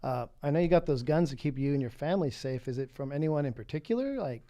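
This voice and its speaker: A man's voice: on the high side, lively intonation, quick pace, warm tone, muffled recording. A man co-hosting a podcast in casual chat, mostly throwing in teasing questions and brief agreements.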